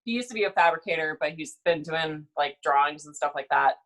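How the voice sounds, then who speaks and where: A young woman chatting casually as a podcast guest, telling lively work stories and acting out coworkers with loud outbursts. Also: low voice, fairly quick, rough recording. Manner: animated storyteller, acts out coworkers with loud quoted outbursts.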